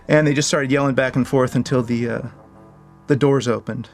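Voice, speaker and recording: Man telling a lively story. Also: mid-range voice, brisk, soft background music. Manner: animated, joking storyteller. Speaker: game developer. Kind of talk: interview anecdote.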